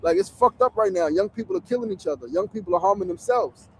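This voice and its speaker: A New York man in his 40s hosts a casual outdoor livestream from a tent on a city street, speaking bluntly and swearing plenty. His voice sits high and is expressive, fast, and creaky. Streamed by phone, the audio has a little hiss or hum.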